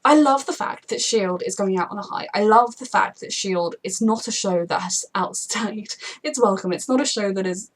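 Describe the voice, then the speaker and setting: A young woman hosting a casual TV reaction chat, gushing and rambling with many fillers and quick laughs. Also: mid-range voice. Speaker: TV reaction channel host.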